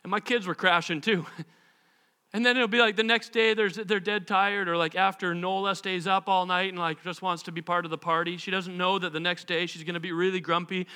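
A man's voice: sits high, steady tone, fairly quick, pushed and bright, smooth. A man in his thirties preaching a sermon, a pastor who acts out the voices of the people in his stories.

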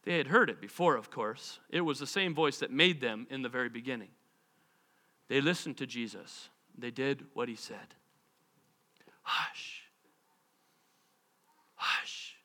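A man's voice: medium pitch, sharp tone. A man in his thirties preaching a sermon, a pastor who acts out the voices of the people in his stories.

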